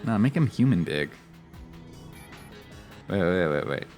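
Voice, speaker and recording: A man's voice: deep voice, big pitch swings, a little slow, darkish tone. A male streamer giving chatty, jokey gaming commentary and swearing freely. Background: faint game music.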